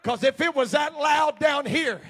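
A man preaching a revival sermon, shouting and exhorting his congregation to praise. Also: very high voice, measured pace. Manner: shouting, call-and-response exhortation.

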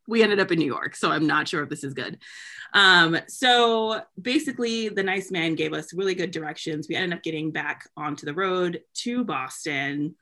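A young woman from New England telling a story in casual chat, animated, laughing and swearing, with lots of "like". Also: deep voice, normal speed. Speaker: podcast co-host telling a story.

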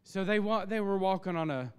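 A male pastor preaching a sermon, impassioned and emphatic, his voice building to loud peaks. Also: sits high, lively intonation, fairly quick, smooth. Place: church sanctuary. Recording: long church reverb.

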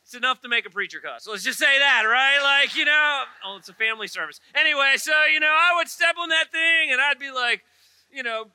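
A man's voice: extremely high pitch, a little fast, bright, forceful tone, no room sound, poor audio. A middle-aged man, preaching a sermon in a church with humorous storytelling and chatty asides. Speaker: pastor. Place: church auditorium.

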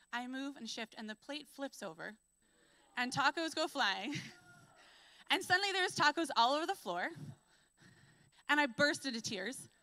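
A young adult woman giving a church sermon, telling stories in a lively way and acting out what people say. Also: fairly high pitch, no room sound. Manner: lively storytelling, acts out quotes. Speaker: preacher.

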